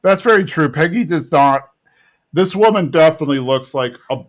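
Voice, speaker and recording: A man's voice: on the high side, animated, normal speed. A man co-hosting a podcast, casually retelling a cartoon episode in a rambling way and quoting the characters' lines. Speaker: podcast co-host. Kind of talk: casual recap chat.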